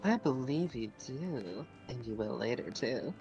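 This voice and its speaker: A woman's voice: rumbling low, lively intonation, measured pace, dark tone, soft background music. A woman chatting playfully and teasingly with friends while playing a game. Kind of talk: casual gaming chat.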